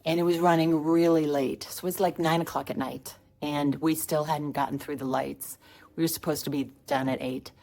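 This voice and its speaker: A woman's voice: deep voice, steady tone, moderate pace, dark tone. A woman comedian telling a family holiday story in a wry, conversational way. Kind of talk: storytelling stand-up clip.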